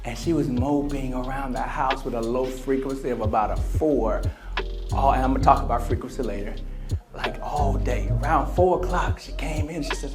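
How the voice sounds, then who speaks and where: A man's voice: medium pitch, normal speed, over music. A man giving a conference speech on emotional wellness, drawing the audience in with questions and acted-out quotes. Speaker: motivational speaker. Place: large convention center hall.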